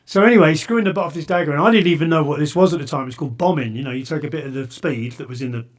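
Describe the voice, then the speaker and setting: A man hosting a podcast, telling a long story in a rambling, animated way with frequent restarts and swearing. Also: fairly high pitch, very fast. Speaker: podcast host. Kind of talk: casual storytelling chat.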